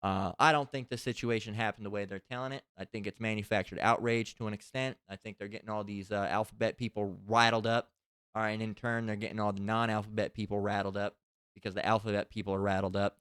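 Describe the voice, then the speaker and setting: A man's voice: lowish voice, flat delivery, quick pace, fairly bright tone, smooth, dry recording, studio quality. A man giving a casual religious lesson, talking in a rambling, profane, conversational way. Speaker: religious teacher. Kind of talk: casual spoken scripture lesson.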